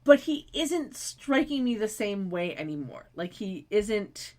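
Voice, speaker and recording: Lively woman podcast co-host. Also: medium pitch, measured pace. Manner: animated, frequent "like" fillers. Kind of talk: casual recap chat.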